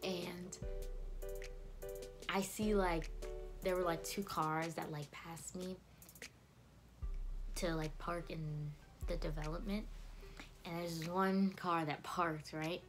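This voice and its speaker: A woman's voice: fairly low pitch, steady tone, takes it slowly, pauses often, soft background music. A teenage girl telling a story to her camera in a casual, chatty way, filling her speech with "like" and laughing often. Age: teens. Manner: chatty, fills every phrase with "like", laughs often. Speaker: vlogger.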